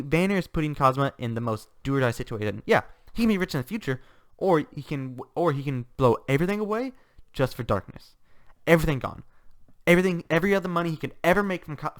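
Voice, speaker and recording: A man's voice: a little high, no room sound, studio quality. A man giving a casual, enthusiastic book review, rambling with restarts and laughter.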